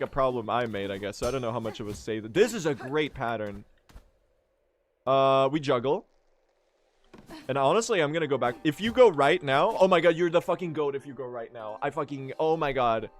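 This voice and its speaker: Lively young man streaming a speedrun. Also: a little high. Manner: chatty, joking, swears often. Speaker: game streamer. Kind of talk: casual speedrun commentary.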